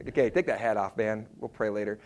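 A man telling a humorous story in a sermon as a preacher, animated and self-deprecating, acting out his own reactions. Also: lowish voice, fast talker.

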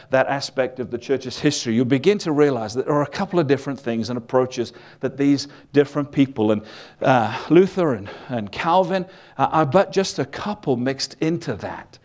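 A man's voice: medium pitch, darkish tone. A man preaching a sermon in a conversational, humorous storytelling manner.

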